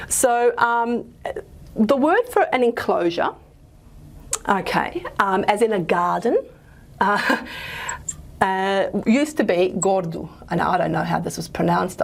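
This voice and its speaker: A woman's voice: mid-range voice, vocal fry, husky. A woman lecturer, giving a linguistics lecture in a chatty way, often stopping to correct herself. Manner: chatty, self-correcting, many fillers. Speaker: university lecturer.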